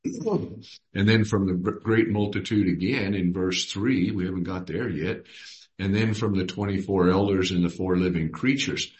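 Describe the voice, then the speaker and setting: Leading a Bible study, this man speaks in a low voice with fairly even intonation. He takes his time, reading scripture out loud and asking the group questions.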